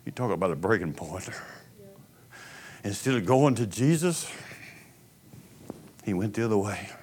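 A man preaching a sermon, telling a story as he swings from hushed to loud. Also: lowish voice, lively intonation, a little slow, slight background noise. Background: piano music.

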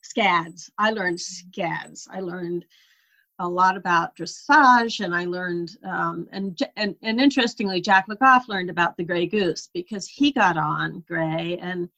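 A woman recounting her early riding days as an interview guest. She tells the story in an animated, unhurried way, her voice rising and falling with the tale. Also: lowish voice. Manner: animated storyteller, laughs while recalling. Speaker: interview guest, horse rider.

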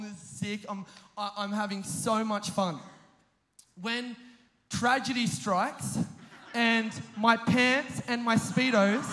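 A young man preaching a sermon, telling a funny story about himself in an animated way and often laughing as he talks. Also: extremely high pitch. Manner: animated, self-mocking, often laughing mid-sentence. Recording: long hall reverb.

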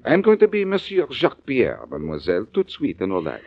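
An actor playing a wisecracking tough private detective, sardonic and quick-witted, in 1940s radio acting on a muffled old recording. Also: male voice, medium pitch, huge pitch swings, gravelly, husky, full character voice.

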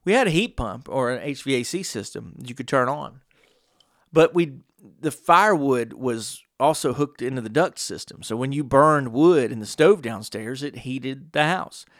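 A man's voice: mid-range voice, expressive, normal speed, dry recording, studio quality. A middle-aged man hosting a podcast, telling a rambling story in a casual monologue with frequent asides to the listener. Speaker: podcast host.

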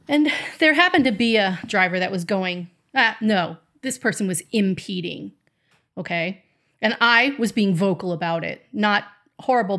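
A woman's voice: mid-range voice, a bit bright. A middle-aged woman co-hosting a podcast with her daughter, playful and teasing in casual chat. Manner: playful, teasing, laughs often. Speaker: podcast co-host, mother of the other host.

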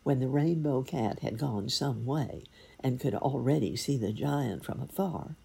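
A woman narrating a fairy tale in an expressive, lively storytelling manner. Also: rumbling low, unhurried, creaky, breathy edge.

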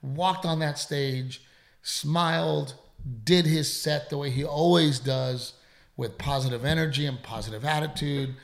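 Gravelly-voiced man telling a story. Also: on the high side, steady tone, a little slow. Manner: candid, emphatic, swears freely. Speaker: comedian and podcast co-host. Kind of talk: casual storytelling chat.

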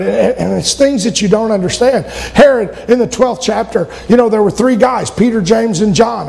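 A man preaching a sermon, retelling a story with shouted emphasis and voiced characters. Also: sits high, gravelly. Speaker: pastor. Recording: long hall reverb.

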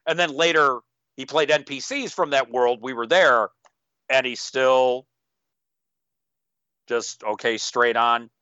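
A man's voice: medium pitch, slow pace, long pauses, clean tone, no echo, dull audio. A man who runs tabletop games, telling stories in casual chat and slipping into playful voices. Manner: animated storytelling with playful voices. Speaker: game master and podcast co-host.

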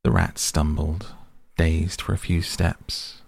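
A man reading a story aloud in a measured, steady narration with a gravelly, husky voice. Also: a bass voice. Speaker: audiobook narrator. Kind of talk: scripted narration.

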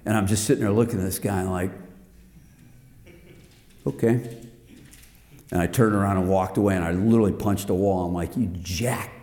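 A man's voice: sits low, fairly even intonation, very fast, few pauses, warm tone. An earnest man delivers a sermon-style lesson to a group of men. He speaks emphatically and personally. The voice rings through a roomy hall with long, trailing reverb. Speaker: men's group teacher.

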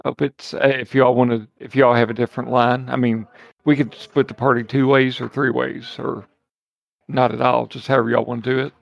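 A man playing a tabletop game talks in a loose, rambling, joking way. His voice has a gravelly edge. The sound is very dry and close. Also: mid-range voice, level tone, fairly quick, no echo, dull audio. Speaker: player.

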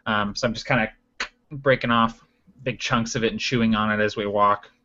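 A man at a tabletop game relaxes into describing his character's actions. His voice has a bright, forceful edge, and the recording sounds dull and lo-fi. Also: lowish voice, fairly even intonation, a little fast. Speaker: player. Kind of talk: casual tabletop role-play.

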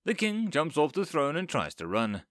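A man tells a comic first-person fantasy tale with a lively, swooping voice that climbs high for the characters he plays. The sound is dry and close, with no room around it. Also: normal speed, no room sound. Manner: lively storyteller, raising pitch for quoted characters. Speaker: narrator.

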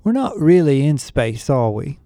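Man doing nerdy teen boy, pedantic, smug, mellow smooth voice. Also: a little high, big pitch swings, measured pace, no room sound, studio quality. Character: nerdy know-it-all teenage boy.

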